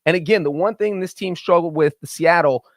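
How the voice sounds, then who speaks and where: A man with a slightly high voice co-hosts a casual sports betting podcast, laying out his picks in confident, full arguments. His sound is close and dry, with hardly any room around it. He talks like a regular breaking down the week's games. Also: brisk, no echo. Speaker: podcast co-host, NFL betting analyst.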